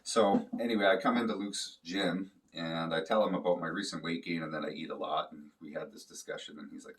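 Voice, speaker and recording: A man's voice: deep voice, a little fast, hardly any pauses, far from the mic. A man from Canada telling a casual personal story, rambling and swearing freely with plenty of fillers. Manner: rambling, profane, loose with fillers. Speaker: vlogger.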